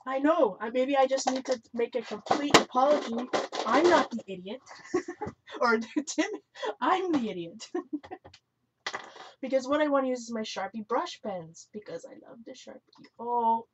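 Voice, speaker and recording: On a live stream, a woman chats casually while she crafts, frequently correcting herself, laughing, and reading viewer comments out loud. Her voice sits on the high side at a normal pace. The lo-fi recording is dull, with a slight hiss or hum.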